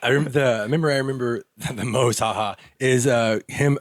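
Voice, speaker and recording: A man hosting a podcast in casual chat, profane and quick to laugh, steering the talk. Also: medium pitch, no echo, studio quality. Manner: laughs easily, profane, keeps the discussion moving. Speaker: podcast host.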